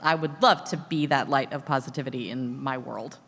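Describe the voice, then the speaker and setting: A woman's voice: very deep voice, brisk, a bit bright, long reverb tail. A woman, a voice actor and dub director, answering thoughtfully and earnestly on a panel.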